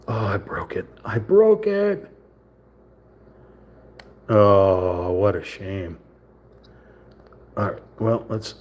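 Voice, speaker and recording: A man at medium pitch assembles a wooden puzzle kit live on stream, casually talking himself through each step of the build. His chatty narration carries a mild southern lilt at times.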